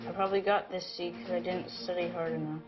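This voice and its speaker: A woman's voice: fairly low pitch, flat delivery, fast, loud music behind the voice, natural voice. A woman voicing a schoolboy who mutters to himself about his grades. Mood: determined. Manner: mopey self-talk, repeats words. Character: schoolboy Michael, discouraged by bad grades. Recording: dull lo-fi audio.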